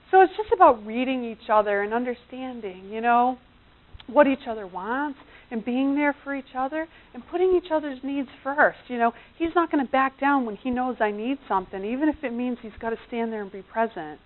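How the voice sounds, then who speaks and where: Chatty woman presenter on a tinny line. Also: fairly quick. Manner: chatty, acts out quotes with big high bursts. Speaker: seminar presenter. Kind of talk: live seminar talk. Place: seminar room. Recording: tinny phone-like sound.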